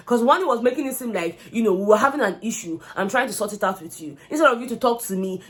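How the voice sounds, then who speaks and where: A young woman giving a casual gossip recap, animatedly acting out what other people said. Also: on the high side. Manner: animated, acts out quotes of others. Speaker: reality show recap vlogger.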